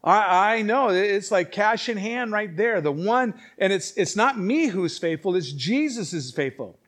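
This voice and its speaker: A male pastor preaching a sermon, emphatic and swinging between quiet asides and loud exclamations. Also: high-pitched, expressive, unhurried.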